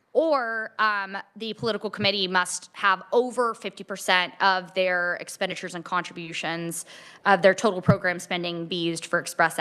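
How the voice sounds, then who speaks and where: A woman testifying before a legislative committee, explaining policy in a measured way with frequent fillers. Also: mid-range voice, pushed and bright, clear, resonant tone. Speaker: ethics commission staff testifying.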